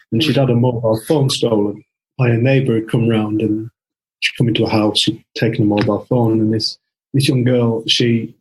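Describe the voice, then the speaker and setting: A man's voice: mid-range voice, rough recording. A man who works as a coach, a guest on a podcast, telling a long story with lots of restarts and "she said". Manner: animated storyteller, quotes others with repeated "she said", frequent restarts.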